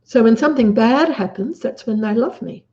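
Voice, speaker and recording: A woman's voice: a little high, moderate pace, dark tone. A woman with an Australian accent talking earnestly in casual conversation, acting out quotes as she tells a story. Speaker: guest. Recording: dull lo-fi audio.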